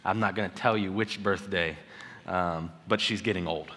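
A man in his thirties preaching a sermon, conversational and joking, with sudden loud emphasis. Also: deep voice, fairly even intonation, normal speed. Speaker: pastor. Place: church sanctuary. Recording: long hall reverb.

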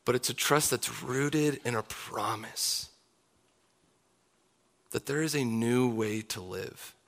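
A man's voice: medium pitch, slow pace, vocal fry. Earnest man preaching a sermon. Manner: earnest, confessional, closing in soft prayer. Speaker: pastor.

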